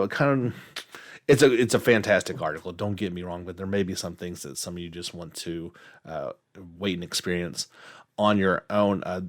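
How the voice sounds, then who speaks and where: A man hosting a podcast, talking casually and relaxed, with hesitant fillers. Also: low-pitched. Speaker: podcast host.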